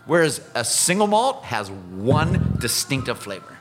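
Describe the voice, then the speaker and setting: A man's voice: mid-range voice, slow, soft background music. A man in his fifties from Iowa, a whiskey ambassador, talking emphatically in a casual chat. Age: 50s. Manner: animated, emphatic storyteller.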